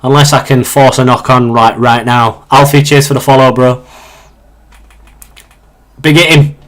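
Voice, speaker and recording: A man's voice: mid-range voice, level tone, moderate pace. A young man in his twenties with a Yorkshire accent, casually chatting on a live stream as he plays and reads viewer questions aloud. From Yorkshire, England. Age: 20s. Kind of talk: casual live-stream chat while gaming.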